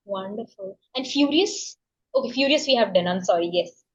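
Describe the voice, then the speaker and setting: A woman's voice: medium pitch, expressive, moderate pace, slightly rough, muffled recording. A woman learning English in a casual practice conversation, eagerly asking about word choices. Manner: eager, asks many questions.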